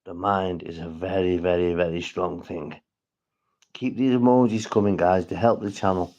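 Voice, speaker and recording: A man's voice: deep voice, steady tone, normal speed, a little mellow, lo-fi sound. A man from St Helens with a northwest English accent, rambling and swearing as he chats to viewers on a casual livestream. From St Helens, England.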